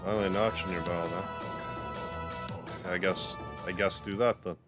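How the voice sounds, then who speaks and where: A man streaming a game, reading its story aloud in a steady voice and dropping casual asides. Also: low-pitched, unhurried, over music. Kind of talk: reading a visual novel aloud on a livestream.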